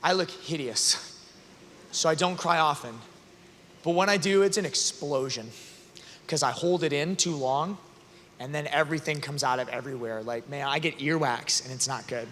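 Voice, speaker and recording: A man gives an earnest youth talk in a high, bright voice, shifting from casual asides to loud, emphatic passages. His voice rings through a large arena with a long reverb tail. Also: moderate pace, a little hiss or hum. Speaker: youth conference speaker.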